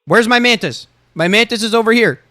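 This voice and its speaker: A man's voice: high-pitched, brisk, bright, forceful tone, no echo. A young man reviewing his own gameplay footage, insistent and emphatic, repeating himself and swearing freely. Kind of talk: gameplay video review commentary.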